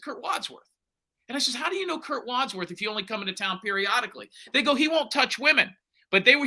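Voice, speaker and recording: Blunt, bright-voiced male investigator. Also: extremely high pitch. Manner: blunt, acts out quoted dialogue. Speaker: private investigator. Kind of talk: animated storytelling interview.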